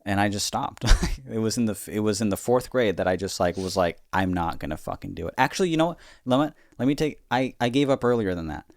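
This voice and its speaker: Man, comedy podcast co-host, low voice, dry close sound, rambling and profane. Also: animated, fast, hardly any pauses, no echo. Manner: rambling, profane, lots of filler words. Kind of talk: casual comedic storytelling.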